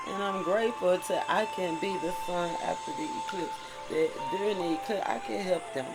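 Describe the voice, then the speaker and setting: Preachy tarot reader over clear music. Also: mid-range voice, moderate pace, rough recording. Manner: preachy, often asks "right?"; mixes reading aloud with heartfelt spiritual commentary. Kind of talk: spiritual tarot reading monologue.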